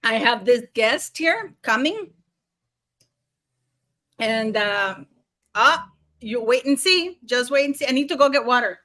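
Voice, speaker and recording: Rambling woman live-streaming, higher voice. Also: animated, unhurried, pauses often, pushed and bright. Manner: rambling, many fillers and restarts, frequent laughter. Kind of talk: casual live stream chat.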